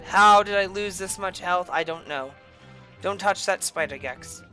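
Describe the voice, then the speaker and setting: A woman streaming a video game, raging and cursing loudly at it in heated gameplay commentary. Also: on the low side, measured pace, faint music behind. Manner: furious profane yelling at the game. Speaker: gaming streamer.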